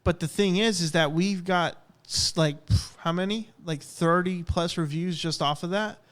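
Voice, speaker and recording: A young man co-hosting a podcast, telling rambling, animated stories in casual chat. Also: high-pitched, normal speed. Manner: rambling, animated storytelling with acted-out quotes. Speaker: podcast co-host.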